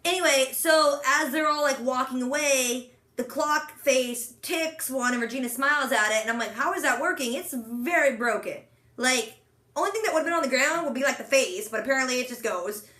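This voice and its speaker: A young woman talks through a TV episode in casual chat. She has a high, bright voice and leaps into little quoted voices as she retells each scene. The room around her is echoey. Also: normal speed. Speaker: podcast co-host recapping a TV episode.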